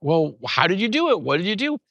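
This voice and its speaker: A man's voice: high voice, big pitch swings, fairly quick, fairly bright tone, no echo, muffled recording, pitched above the performer's own voice, full character voice. A man voicing an eager young schoolgirl with curious questions, in his own retelling of a story.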